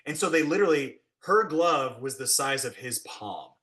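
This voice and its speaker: Bright, animated man telling stories. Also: normal speed. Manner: animated, acts out quotes with big pitch jumps. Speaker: guest, special effects blacksmith. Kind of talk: casual storytelling.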